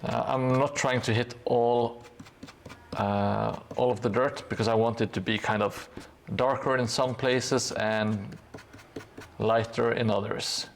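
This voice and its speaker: Male hobby streamer, unhurried and hesitant delivery with a dry joking manner, gravel in the voice. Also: medium pitch, steady tone, slight background noise. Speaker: live streamer building a tabletop gaming board. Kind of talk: casual live-stream chat while painting.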